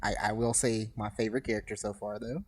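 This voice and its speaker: A man's voice: lowish voice, flat delivery, fast. A man co-hosting a casual podcast chat, laughing often between his remarks. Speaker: podcast co-host.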